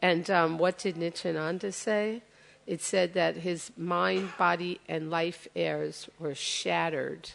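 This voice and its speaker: Slow and unhurried, this woman speaks in a lowish, gravelly voice. She tells a sacred story during a temple sermon and slips into the voices of its figures as she goes. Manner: retells scripture as lively story, acting out quotes.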